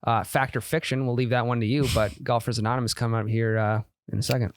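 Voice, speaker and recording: A young man co-hosts a casual golf podcast, joking with his friends and then rolling into sponsor-read patter. His voice sits at a middling pitch. The sound is dry and close, with no room in it. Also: fairly even intonation, quick pace, dry recording. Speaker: podcast co-host. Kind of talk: casual chat with ad reads.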